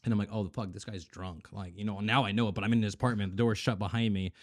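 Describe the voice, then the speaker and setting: A man's voice: fairly low pitch, fairly even intonation, very fast, dry recording, studio quality. A young man on a podcast telling a long story in casual chat, acting out the voices of the people in it, swearing and laughing often. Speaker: podcast guest.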